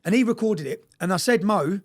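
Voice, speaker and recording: A man telling a story fast and bluntly in a casual interview, swearing freely and often checking in with "yeah?". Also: high voice, lively intonation.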